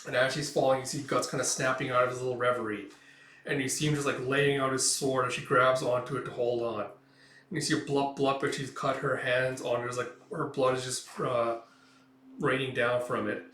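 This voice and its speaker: A man's voice: medium pitch, little pitch movement, a little fast, fairly bright tone, slight background noise. A man narrating a comic casually, with many fillers and reactions. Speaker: manga read-along host. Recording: roomy echo, distant mic.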